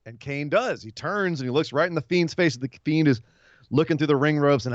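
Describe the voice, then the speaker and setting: A man co-hosting a casual wrestling podcast, telling events in an animated way and acting out wrestlers' lines. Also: medium pitch, moderate pace, no room sound. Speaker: podcast co-host. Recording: dry, dull lo-fi sound.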